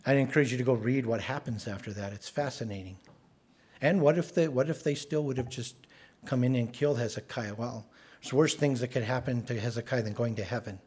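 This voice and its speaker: A man's voice: mid-range voice, brisk, darkish tone, breathy edge. A man preaching a sermon in an earnest, conversational way, often restarting his words.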